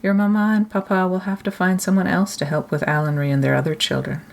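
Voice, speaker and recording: A woman reads a gentle storybook nurse with a low, soft voice. She murmurs patiently and reassuringly, coaxing rather than scolding. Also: little pitch movement, quick pace, vocal fry. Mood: soothing.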